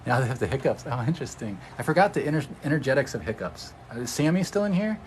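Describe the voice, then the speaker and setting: A man's voice: mid-range voice, lively intonation, quick pace, a little hiss or hum, rough recording. A man from Oregon, an energy healer, chatting casually on a livestream, rambling and answering viewer comments. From Oregon, USA.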